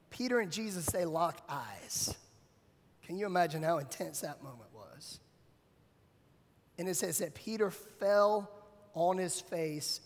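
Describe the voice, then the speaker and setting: A man pastor preaching a sermon, telling the story in an animated way with casual slang. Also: high voice, measured pace, long reverb tail.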